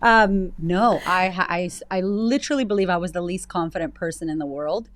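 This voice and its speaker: A woman in her thirties, talking frankly and reflectively as an interview guest, with quick bursts and casual swearing. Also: on the low side, no echo. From United States. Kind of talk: candid conversational interview.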